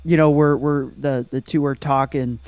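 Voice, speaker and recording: A man's voice: mid-range voice, fairly even intonation, normal speed, darkish tone, clean tone, no room sound. A man giving his take on a comic's writing in a casual podcast chat, hesitant and restarting his sentences as he works out his point. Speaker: comic book reviewer.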